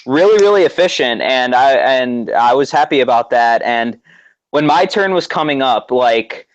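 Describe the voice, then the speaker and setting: A man excitedly recounting a story in casual chat, with many fillers and restarts. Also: mid-range voice, moderate pace, muffled recording, slight background noise. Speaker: guest co-host.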